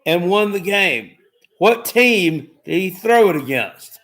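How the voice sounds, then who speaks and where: A man hosting a live stream, asking trivia questions in a casual, excitable way, swearing now and then and often repeating himself. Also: high-pitched, takes it slowly. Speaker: livestream host.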